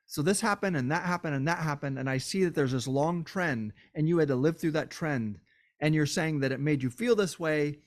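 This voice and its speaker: A man's voice: on the high side, fairly quick. A man hosting a solo podcast, tired and worn down, talking with passion and repeating phrases for emphasis. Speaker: podcast host.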